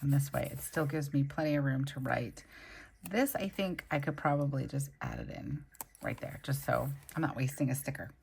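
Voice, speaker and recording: A very deep, gravelly voice with a slightly mellow quality carries this young woman's expressive, moderately paced chat, with a little hiss or hum in the recording. Recovering from a migraine, she hosts a plan-with-me video, decorating her planner and enthusing over stickers.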